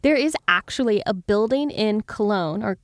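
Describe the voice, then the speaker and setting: A woman's voice: mid-range voice, lively intonation, normal speed, dry recording, clean studio sound. A woman co-hosting a history podcast, telling a spooky story with a playful, giggly manner. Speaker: podcast co-host.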